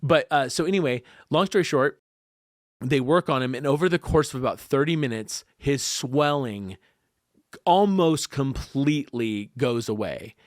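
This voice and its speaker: A man telling a personal story in a casual podcast conversation, animated and acting out the voices of the people involved. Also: mid-range voice, measured pace, no room sound, clean studio sound. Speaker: guest.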